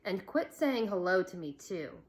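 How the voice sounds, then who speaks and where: A woman's voice: medium pitch, big pitch swings, a little slow. A woman voicing a sullen schoolboy who snaps curtly at the girls. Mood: annoyed. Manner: curt, snapping. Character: angry schoolboy, sullen and snappish.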